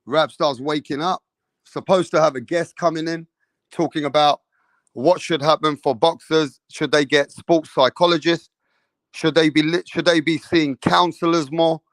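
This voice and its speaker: Man, boxing stream host, casual and profane, shout-outs to chat, higher pitch, dry close sound. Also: fairly even intonation, normal speed, no room sound. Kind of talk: casual livestream chat reading comments.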